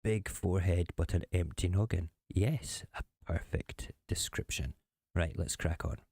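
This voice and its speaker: Low-pitched male host, chatty and sarcastic, dry close sound. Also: unhurried, darkish tone, no echo. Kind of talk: casual political commentary.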